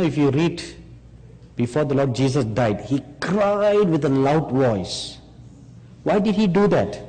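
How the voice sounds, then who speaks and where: A man preaching a sermon, speaking slowly and emphatically and rising on rhetorical questions to his listeners. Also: mid-range voice, darkish tone, breathy edge. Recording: long hall reverb.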